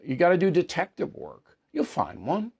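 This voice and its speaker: An older American man in his seventies delivers opinion commentary with a gravelly, rough-edged voice. His pitch sits a little higher than most men's, and he answers viewers bluntly and emphatically, brushing points aside with short, flat verdicts. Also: normal speed. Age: 70s. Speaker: host of a news commentary show.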